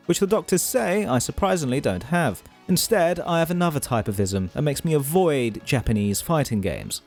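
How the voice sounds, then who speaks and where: A man's voice: a little high, darkish tone. A man from Europe hosting a scripted video essay, narrating with wry, self-deprecating asides.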